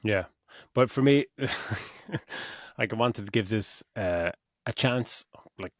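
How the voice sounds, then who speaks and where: A middle-aged podcast co-host with a lowish voice talks slowly through a casual film review, rambling loosely, swearing freely, and acting out his own reactions. The recording is close and dry with no room sound.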